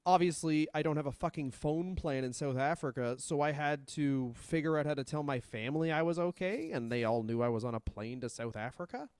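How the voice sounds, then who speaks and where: Man, from Canada, podcast co-host, swears a lot, smooth, dry close sound. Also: on the high side, animated, a little fast, few pauses, a little mellow, no room sound. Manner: profane, rambling storyteller. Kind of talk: casual comedic chat.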